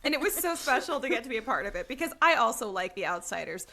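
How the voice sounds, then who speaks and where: A woman's voice: fairly high pitch, sing-song, fast, sharp tone. A woman co-hosting a book podcast in casual chat, with playful dry asides. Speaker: podcast co-host.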